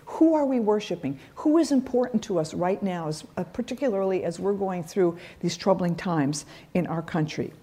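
A woman's voice: fairly low pitch, animated, normal speed, few pauses, mellow, husky. Woman teaching a dramatic Bible lesson. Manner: dramatic reading with emphatic quoted lines. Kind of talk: Bible lesson, reading scripture aloud.

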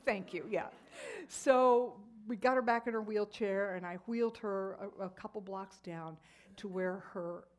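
A middle-aged woman leads a Bible study. She talks in a conversational, storytelling way, with fillers and asides along the way. Her voice sits at a medium pitch. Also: darkish tone. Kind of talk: Bible lesson with personal story.

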